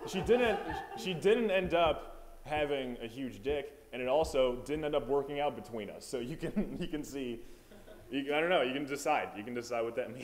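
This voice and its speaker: A young man doing a stand-up set at an open mic, rambling and self-deprecating, with lots of filler asides. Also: mid-range voice. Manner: rambling, self-deprecating, lots of "you know what I mean". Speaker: stand-up comedian. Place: small open mic venue.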